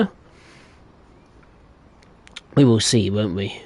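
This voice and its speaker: A man's voice: mid-range voice, fairly even intonation, normal speed, a little mellow, no room sound. A young man live-streaming a train game, chatting casually and answering viewers in a rambling way. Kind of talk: live gameplay commentary.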